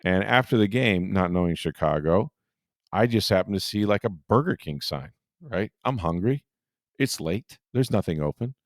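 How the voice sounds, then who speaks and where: A man's voice: low-pitched, animated, normal speed, no room sound, clean studio sound. A middle-aged man hosting a podcast, telling a rambling, self-deprecating story in a casual chat, often laughing. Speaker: podcast host and sportswriter.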